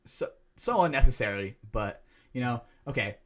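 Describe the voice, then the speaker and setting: A young man co-hosting a casual podcast, telling stories in an animated, profane way. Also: mid-range voice, normal speed. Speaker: podcast co-host.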